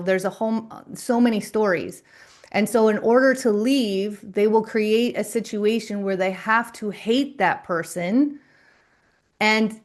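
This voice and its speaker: Slow, deliberate woman spiritual coach. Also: medium pitch. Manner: slow, deliberate, soothing delivery. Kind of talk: live-stream spiritual talk to a chat.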